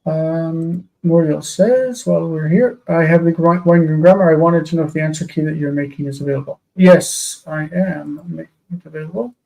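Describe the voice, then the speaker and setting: A weary man with a gravelly, dark-toned voice, pitched a little higher than most men. He walks a live online class through Hebrew grammar exercises, explaining patiently with frequent pauses and ums. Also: steady tone, low-quality recording. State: tired. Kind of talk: live-streamed language lesson.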